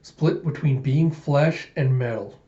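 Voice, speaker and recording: A man's voice: mid-range voice, unhurried, dark tone, close to an everyday voice. A man voicing a determined young female cyborg fighter with an intense, resolute delivery, in a roomy, dull recording. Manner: intense, resolute inner monologue.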